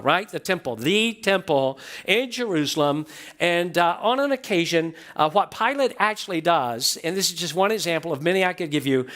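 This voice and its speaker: A pastor with a high-pitched, fairly bright voice preaches a sermon to his church in the sanctuary. He drives his points home by repeating phrases and putting questions to the congregation.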